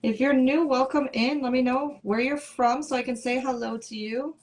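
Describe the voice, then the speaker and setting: A woman's voice: mid-range voice, a little mellow. A middle-aged woman hosting a crafting livestream, chatting casually and playfully with her viewers and answering their comments. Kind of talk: casual chat with live viewers.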